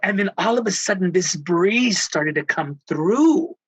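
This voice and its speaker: A man's voice: sits high, lively intonation, measured pace, slightly rough, no room sound, poor audio. A middle-aged man from Texas, a spiritual healer and life coach, telling personal stories expressively and slipping into Spanish endearments. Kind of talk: emotional storytelling in conversation.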